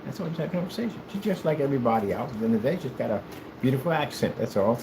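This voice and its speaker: A man from the United States chatting casually while he plays, telling rambling, animated stories in a hyperactive way. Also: medium pitch, racing, noisy background. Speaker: gaming streamer. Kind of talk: casual chat while playing.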